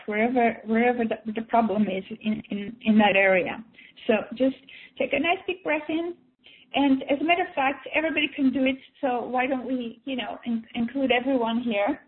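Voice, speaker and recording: A woman with a fairly high voice gently coaxes a listener through a guided breathing session, circling back and repeating her phrases as she goes. The sound is thin and tinny, like a phone line. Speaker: energy healer leading a breathing session.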